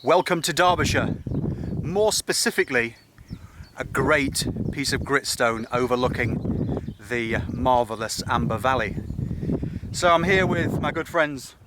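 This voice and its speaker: A man's voice: mid-range voice, measured pace. Chatty guy outdoors. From England. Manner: relaxed, chatty, enthusiastic. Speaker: outdoor vlogger. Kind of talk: casual chat to camera. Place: cliff top outdoors at evening. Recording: noisy outdoor camera audio.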